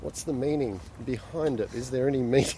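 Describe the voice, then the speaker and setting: Man, mid-pitched, hesitant film chat recorded outdoors, traffic noise behind. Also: brisk, warm tone. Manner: musing, hesitant, many restarts. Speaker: film discussion co-host. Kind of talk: casual chat while walking. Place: city street outdoors. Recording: street noise from passing traffic.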